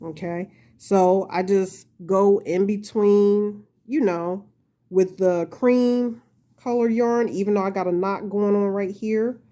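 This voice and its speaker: A woman's voice: mid-range voice, steady tone, slow, dark tone. Chatty woman hosting a crochet lesson. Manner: chatty, frequent laughter, self-deprecating; addresses viewers as y'all. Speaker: crochet tutorial host. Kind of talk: casual talk-through tutorial.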